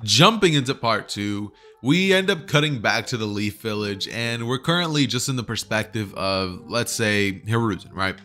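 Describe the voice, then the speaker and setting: A man's voice: fairly low pitch, moderate pace, few pauses, over music. A man casually retelling an anime what-if story, rambling with lots of filler words. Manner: rambling, fillers like right and pretty much. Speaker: YouTube storyteller. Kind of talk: casual fan-fiction retelling.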